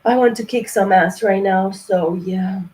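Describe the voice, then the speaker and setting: A woman's voice: mid-range voice, fairly even intonation, a little slow, a little mellow, poor audio. A woman giving a casual tarot reading, blunt and profane, rambling with lots of fillers. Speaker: tarot reader.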